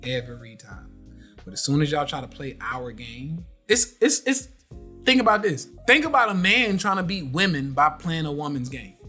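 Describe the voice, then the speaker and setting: A man's voice: a little high, moderate pace, soft background music. A man hosting a live podcast, talking casually and animatedly, repeating himself to drive points home. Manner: animated, preachy, repeats phrases. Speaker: podcast host.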